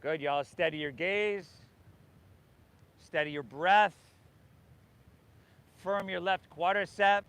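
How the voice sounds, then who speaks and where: High-voiced man leading yoga. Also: takes it slowly, long pauses, fairly bright tone, clear, resonant tone. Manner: encouraging, calls out cues to the group. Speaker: yoga instructor. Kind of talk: guiding a yoga class. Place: outdoors by the ocean.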